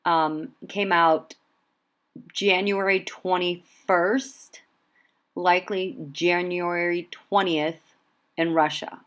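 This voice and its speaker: Lady doing a tarot reading, kinda low voice, talks slow and deliberate. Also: fairly even intonation, a bit bright. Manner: slow, deliberate delivery broken by fits of giggling. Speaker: tarot reader.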